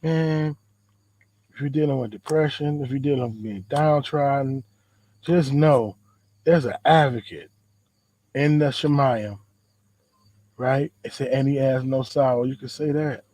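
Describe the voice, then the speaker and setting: A man's voice: mid-range voice, measured pace, pauses often, mellow. A man hosting a podcast, giving a loose, conversational faith talk outdoors in a backyard, full of slang and repeated phrases. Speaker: podcast host.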